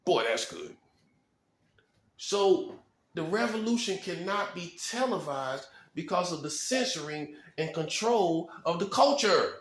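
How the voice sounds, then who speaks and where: High-voiced man preaching in an echoey room. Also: very animated, fairly bright tone. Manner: rhetorical, fast-talking, punctuates points with "boom"; chuckles at his own points. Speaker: self-styled prophet. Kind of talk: preaching monologue to camera. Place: apartment room.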